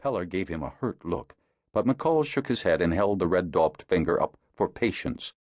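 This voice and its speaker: Deep male audiobook narrator, measured storytelling, very dry close mic. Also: expressive, darkish tone, no room sound. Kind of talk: scripted narration.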